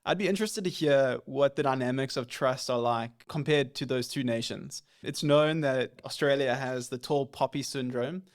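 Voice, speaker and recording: Male podcast host, reflective, measured questions, medium pitch. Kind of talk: interview hosting.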